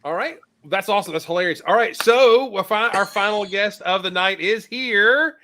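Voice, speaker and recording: A man's voice: sits high, moderate pace, pushed and bright, slight background noise. A man hosting a casual stream, introducing guests and reacting with upbeat enthusiasm. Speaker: host.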